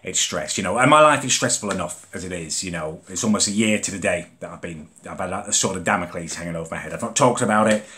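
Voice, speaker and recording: A man's voice: low-pitched, fast talker, few pauses, pushed and bright, a little hiss or hum. A young Englishman venting in a vlog, exasperated and indignant as he rants about his mother. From England. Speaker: vlogger. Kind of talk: comedic rant vlog.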